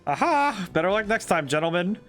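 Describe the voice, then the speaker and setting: Man reading showy gentleman thief, grand and theatrical, lifted voice, game dialogue. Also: high-pitched, big pitch swings, brisk, faint music behind. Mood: grandiose.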